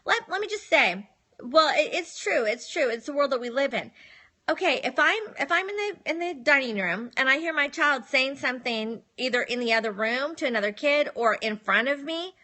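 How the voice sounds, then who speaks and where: A woman's voice: high voice, lively intonation, moderate pace, sharp tone. A middle-aged woman talking casually on a live stream, giving firm, matter-of-fact parenting advice and acting out what she says to her children.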